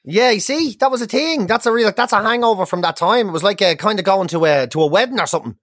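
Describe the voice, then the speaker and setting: Fast, profane Irish storyteller in their forties. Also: medium pitch, expressive, fairly bright tone, dry recording, studio quality. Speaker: podcast co-host. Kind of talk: casual chat.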